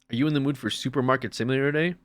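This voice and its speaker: A man's voice: medium pitch, a bit bright. A man streaming, chatting casually, swearing often and acting out little scenes. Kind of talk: casual chat.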